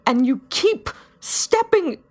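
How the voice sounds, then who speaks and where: A woman's voice: very high-pitched, very animated. A woman player in a tabletop role-playing game, speaking her character's lines and actions with intensity. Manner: intense, fast in-character confrontation.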